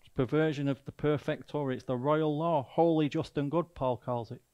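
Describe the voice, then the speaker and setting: A man's voice: a little high, steady tone, moderate pace, a little mellow, lo-fi sound. A man with a Mancunian accent preaching a sermon as a guest speaker, emphatic and full of rhetorical questions.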